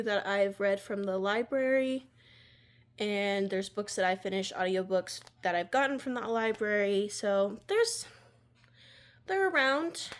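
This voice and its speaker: Chatty young woman with a drawl. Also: medium pitch. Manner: rambling, filler-heavy, chatty. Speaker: book vlogger. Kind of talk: casual vlog chat. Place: at home by her bookshelf.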